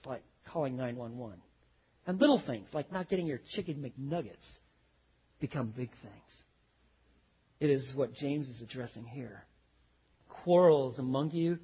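High husky preacher in a hall. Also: male voice, dull audio. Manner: animated storytelling, acts out quoted voices. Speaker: pastor. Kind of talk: sermon.

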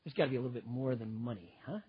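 A man preaching a sermon, moving from loud, emphatic lines down to quiet, intense ones. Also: mid-range voice, rapid-fire, husky, lo-fi sound. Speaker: pastor.

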